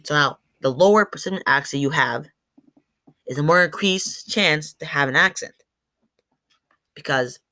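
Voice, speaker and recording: A man's voice: on the high side, sharp tone. A teenage boy giving a rambling, informal school presentation, restarting his sentences often. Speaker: student presenter.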